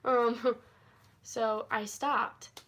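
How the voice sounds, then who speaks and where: A woman with a voice pitched a little high, telling stories in a loose, rambling way on a livestream. She giggles between thoughts and leans on fillers. The delivery is casual story-time chat. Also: normal speed, a bit bright, a little hiss or hum. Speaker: livestream host.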